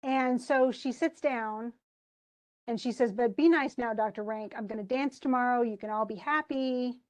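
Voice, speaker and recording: Chatty woman teacher, higher voice. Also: normal speed, darkish tone. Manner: chatty, reads quotes aloud, laughs often. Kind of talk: literature class discussion.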